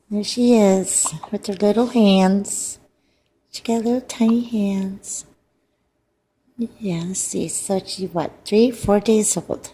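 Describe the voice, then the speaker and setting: An older woman, a grandmother, filming her newborn granddaughter and cooing at her in soft, repetitive baby talk. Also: medium pitch, steady tone, takes it slowly, slight background noise. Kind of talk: home video baby talk.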